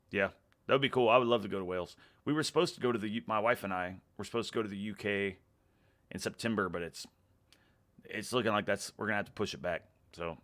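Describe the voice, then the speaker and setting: A Texan man in his thirties chats casually on a live stream, reading out viewer comments in a low-leaning voice that sounds pushed and bright. He's laid-back and rambling, laughs a lot, and often trails off mid-sentence.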